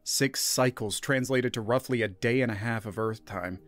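A man narrating a scripted science fiction story in a steady, even reading voice. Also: mid-range voice, moderate pace, dry recording, faint music behind.

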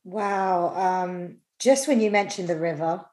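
A woman's voice: lowish voice, takes it slowly, darkish tone. A woman hosting a podcast, bubbly and effusive, chatting casually with a guest and gushing with gratitude. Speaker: podcast host. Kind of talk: casual interview chat.

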